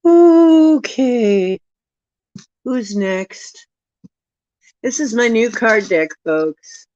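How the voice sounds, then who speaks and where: A woman's voice: medium pitch, expressive, no room sound. A woman hosting a live stream, reading oracle cards aloud in a playful, self-mocking way. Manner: playful, laughs at herself, reads card texts slowly. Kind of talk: casual live stream chat. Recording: dull lo-fi recording.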